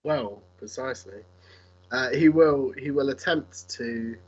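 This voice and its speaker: A man's voice: medium pitch, measured pace, husky, highs cut off. A man describing his character's actions in a tabletop game, rambling and amused with fillers. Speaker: player.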